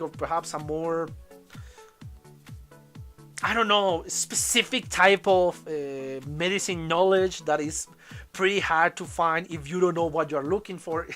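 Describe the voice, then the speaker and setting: A woman's voice: fairly low pitch, a bit bright. A woman giving a casual spoken review of an anime episode. She rambles in English as a second language, with loose grammar and many restarts.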